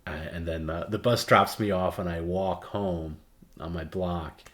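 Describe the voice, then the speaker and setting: A middle-aged man with a very low voice tells a personal story on a livestream. He is candid and meandering, and his sentences often drift off into a soft hush. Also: steady tone, measured pace. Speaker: livestream host. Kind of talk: casual storytelling.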